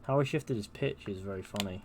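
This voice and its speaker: A man's voice: lowish voice, fairly quick. A young man streaming a game, chatting casually and offhandedly, swearing now and then. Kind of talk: casual commentary over gameplay.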